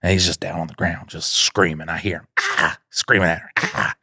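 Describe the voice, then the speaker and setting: Man, very deep voice, casual podcast chat, animated storytelling, dry close sound. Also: quick pace, dry recording. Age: adult father. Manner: animated storyteller, acts out quotes. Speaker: podcast co-host.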